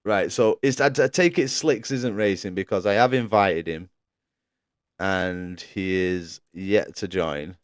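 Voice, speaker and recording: A man's voice: low voice, slow pace, clean tone, no room sound, clean studio sound. A man commentating a sim racing league live stream, chatting casually, laughing often and reading out viewers' messages.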